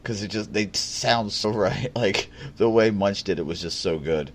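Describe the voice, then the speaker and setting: A man's voice: lowish voice, a little slow. A man hosting a casual gaming podcast, joking and swearing while steering the topics. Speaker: podcast host.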